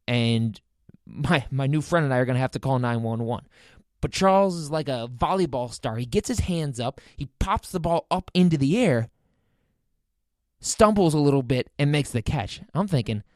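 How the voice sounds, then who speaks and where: A man hosting a podcast, telling a comic personal story in an animated, incredulous, self-mocking way. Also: a little high, normal speed, no room sound, studio quality. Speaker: podcast host.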